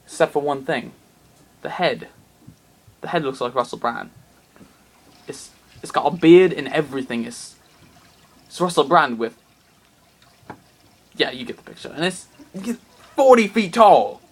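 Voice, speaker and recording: A man telling an absurd comic story in a rambling, excitable way with plenty of fillers. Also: a little high, unhurried, long pauses.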